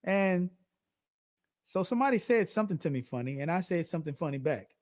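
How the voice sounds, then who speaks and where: A man guest telling stories in a goofy, dramatic way, deliberately speaking higher than his natural voice. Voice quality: deliberately raised speaking pitch. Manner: animated, goofy, dramatic storytelling. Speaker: guest songwriter and live-stream host. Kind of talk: casual interview chat.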